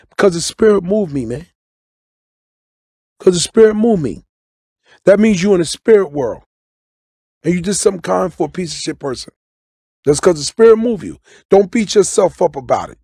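A middle-aged man, talking loosely in a studio interview, preaching and joking with sudden loud outbursts. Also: sits high, lively intonation, moderate pace, vocal fry, long pauses, slightly rough, no echo. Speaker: guest comedian and actor. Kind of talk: casual interview talk. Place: radio studio.

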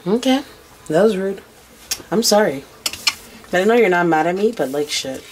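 A lower-voiced woman reading tarot cards in a casual, blunt way, cursing freely as she passes on messages she hears from spirit. A faint hiss sits under her voice. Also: lively intonation, moderate pace. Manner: blunt, swearing, talking as if relaying spirit messages. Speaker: tarot reader.

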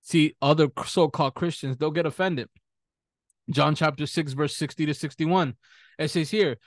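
A man preaching a sermon in an emphatic way, reading scripture references slowly and repeating them. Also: on the high side, fairly even intonation, dry recording.

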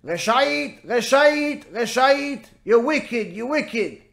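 A man's voice: very high-pitched, lively intonation, slow pace, gravelly, voice pushed up, full character voice. A man voicing a preachy male parrot that keeps chanting rebukes. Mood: scolding. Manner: repeats rebukes in a sharp chant.

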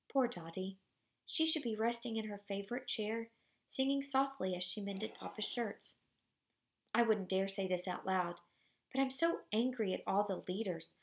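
A woman reads a novel aloud at home into a close mic, with a noticeably creaky, gravelly edge on her voice. Her pitch sits in a middle range, and she moves steadily through the text with casual asides. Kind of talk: reading a novel aloud with commentary.

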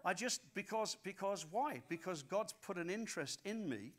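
Male pastor, high-pitched, energetic storytelling sermon delivery with repeated emphatic phrases. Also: normal speed.

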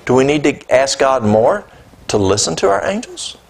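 A man preaching a sermon, telling a personal story in a conversational, animated way. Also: medium pitch, moderate pace, creaky. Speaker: pastor. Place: church.

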